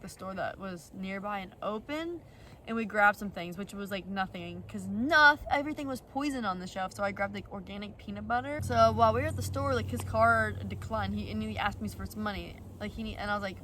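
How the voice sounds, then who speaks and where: A woman's voice: medium pitch, moderate pace, a bit bright, distant mic, a little hiss or hum, poor audio. A young woman vlogger telling a personal story in a rambling, blunt way, full of fillers and the odd swear. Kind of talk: casual storytelling.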